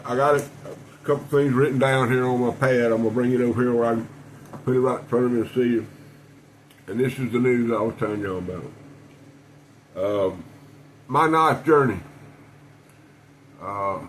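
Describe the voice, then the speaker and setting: This man's knife-collection chat to camera is folksy and meandering, packed with fillers and repeated restarts. His voice is medium in pitch and moderately paced, he pauses often, and the rough audio has a touch of hiss or hum.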